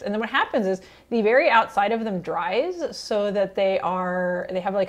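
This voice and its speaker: A woman hosting a cooking channel, talking casually and enthusiastically to camera with chatty fillers and small laughs. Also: mid-range voice. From Italian heritage. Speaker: cooking show host.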